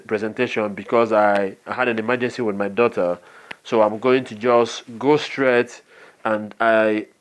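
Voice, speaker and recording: A man with a Nigerian accent giving a motivational business training talk, earnest and often checking in with "okay?". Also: mid-range voice. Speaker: network marketing trainer.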